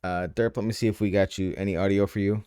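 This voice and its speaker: A man's voice: low-pitched, fairly even intonation, quick pace, mellow, clean tone. A man acting as game master on a casual streamed tabletop session, chatty and rambling, teasing his players, speaking into a headset.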